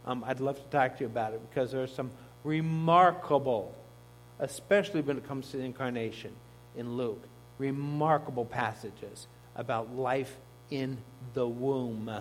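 A man's voice: medium pitch, normal speed, a little hiss or hum. A man, a pastor, preaching a sermon in a conversational teaching manner, with asides to the congregation. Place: church.

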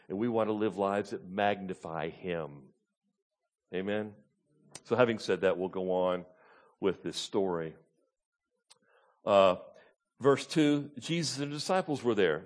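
A pastor, preaching a conversational Bible-teaching sermon and often checking in with the congregation with "Okay?" and "Amen?". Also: male voice, on the low side.

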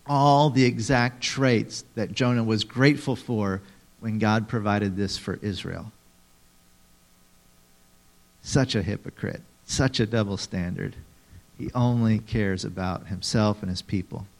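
A man preaching a sermon to a live group, teaching in a lively way and acting out quotes with sudden loud, dramatic outbursts. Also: on the low side. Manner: animated, acts out quotes dramatically, talks to audience members. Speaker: pastor.

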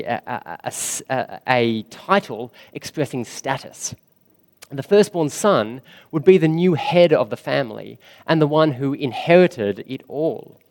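A man preaching a sermon in a church, slow and emphatic, with dramatic rises and quiet drops. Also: mid-range voice. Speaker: pastor.

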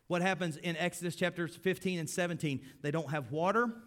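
A man preaching a sermon as pastor, swinging between loud emphasis and hushed, low lines. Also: fairly quick. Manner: acts out grumbling crowd voices in quotes.

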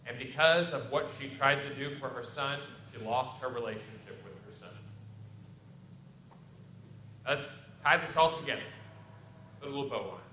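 A man's voice: mid-range voice, a little fast, pushed and bright. A man preaching a sermon, reading scripture aloud and explaining it in plain everyday talk. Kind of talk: expository sermon. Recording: echoey room with faint ambient noise.

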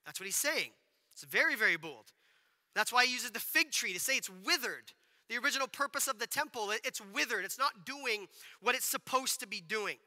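A man preaching in a church hall, his voice very high and very bright. He talks casually to the congregation and keeps asking them questions. Long reverb trails after each phrase. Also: expressive, a little fast. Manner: conversational, asks the congregation questions, acts out quotes. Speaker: pastor. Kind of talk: sermon.

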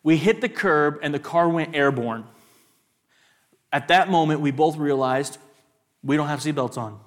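A young man with a West Texas twang speaks as a guest at a church service, his voice pitched a touch high. He tells animated personal stories and stops to ask the audience questions.

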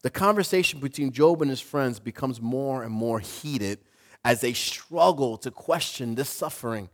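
A man preaching a sermon as pastor, talking in a conversational, animated way with playful asides. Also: medium pitch, moderate pace.

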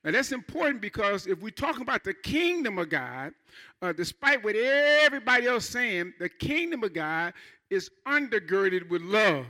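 Bright high-voiced male preacher. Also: sing-song, normal speed. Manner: fervent preaching with call-and-response. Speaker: pastor. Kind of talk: sermon. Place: church.

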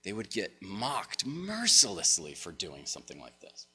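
A man's voice: low-pitched, wildly swooping pitch, normal speed, bright, forceful tone, husky. A man giving a conversational, story-driven sermon to a congregation as pastor. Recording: long hall reverb.

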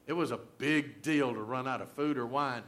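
A middle-aged man, preaching a sermon in a folksy, animated storytelling way with humor. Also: medium pitch, normal speed. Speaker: pastor.

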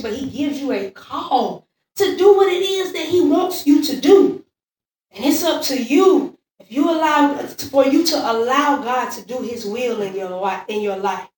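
A woman preaching a sermon, telling her own testimony and repeating phrases in a building call-and-response rhythm. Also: sits high. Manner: testimony-driven, repetitive call-and-response cadence. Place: church sanctuary. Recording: echoey church room, far from mic.

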